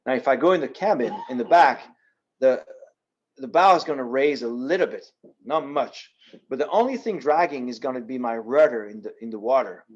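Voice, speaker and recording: A medium-pitched, animated voice, a little fast and heard through dull audio, belongs to a French guest speaker with a French accent. During audience Q&A after his presentation in a yacht club meeting room, he explains matters practically and step by step, often pausing with um and restarting.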